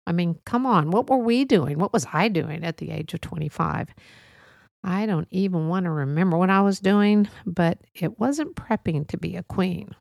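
A woman's voice: fairly low pitch, moderate pace, vocal fry, a little mellow, no echo, studio quality. A woman hosting a solo podcast, talking casually in a rambling, musing way with many fillers and restarts. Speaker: podcast host.

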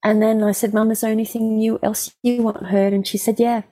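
A woman who works as a mediator, gently and reflectively telling a personal story in an interview. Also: a little high, flat delivery, a little fast.

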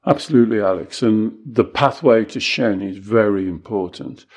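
A middle-aged man teaching spiritual ideas in a calm, measured way, slowing down to stress key points. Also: lowish voice, husky. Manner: measured, reflective, slows down for emphasis. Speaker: Taoist teacher and coach.

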